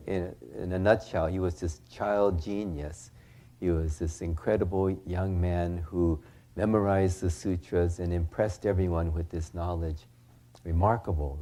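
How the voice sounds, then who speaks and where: An older Californian man with a deep voice and dark tone, a Buddhist minister, gives a folksy storytelling talk. He acts out the characters and often asks "huh?"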